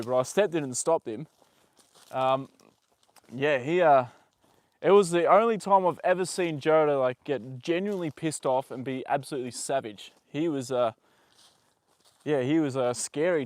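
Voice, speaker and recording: A man's voice: a little high, no room sound, studio quality. Give me a young man chatting casually on a livestream from a horse paddock, rambling, swearing lightly and talking to his horse between stories. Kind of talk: casual live chat.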